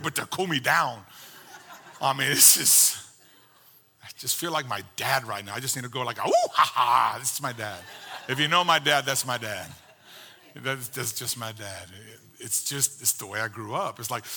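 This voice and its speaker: A man preaching a sermon, shifting between loud fervent exhortation and quiet tender reflection. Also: medium pitch, creaky, breathy edge. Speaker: pastor.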